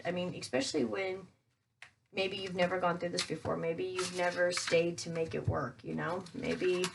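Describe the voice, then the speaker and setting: A woman with a somewhat low voice gives a casual tarot reading to her viewers. She is chatty, calls them guys and thinks aloud with fillers as she turns each card. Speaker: tarot reader.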